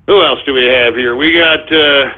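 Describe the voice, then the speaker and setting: A man's voice: mid-range voice, moderate pace. A male talk radio host reading out listener names and ranting, abrasive and sarcastic, throwing insults at his audience. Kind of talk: live internet radio shout-outs and rant. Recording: tinny phone-like sound.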